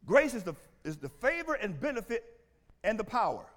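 A man preaching a sermon as pastor, animated and playful, calling out to the congregation and bursting into shouts. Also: high-pitched, moderate pace. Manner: playful, teasing, laughs often.

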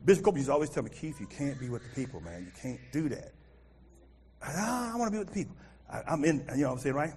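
A middle-aged American man preaching a sermon as pastor, animated, swinging from loud outbursts to quiet asides. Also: on the high side, racing, a little hiss or hum. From United States.

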